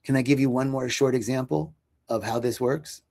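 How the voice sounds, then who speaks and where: A man speaks earnestly about inner growth, searching for words with frequent fillers and restarts. His voice sits at an ordinary middle pitch, and he talks in a reflective storytelling way. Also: steady tone, moderate pace, gravelly, a little mellow. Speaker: podcast guest.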